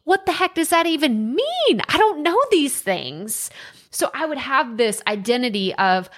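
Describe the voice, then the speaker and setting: A woman's voice: high-pitched, sing-song, unhurried. A young adult woman with a Texan accent hosting a solo podcast, chatty and self-deprecating, often laughing at herself. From Texas. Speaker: podcast host.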